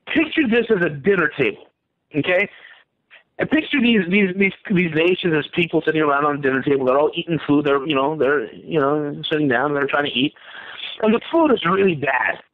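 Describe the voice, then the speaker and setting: A man talking as a guest on a radio interview, animated, often repeating himself and acting out quoted voices. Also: high voice. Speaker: guest economist. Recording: tinny phone line.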